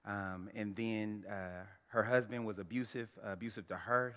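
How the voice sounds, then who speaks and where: A man in his thirties giving a keynote speech, telling a personal story with dramatic pauses and talking straight to the audience. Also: lowish voice, fairly even intonation, a bit bright, clear, resonant tone. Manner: dramatic storyteller who addresses the audience directly. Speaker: keynote speaker. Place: large banquet hall. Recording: echoey banquet hall through a PA.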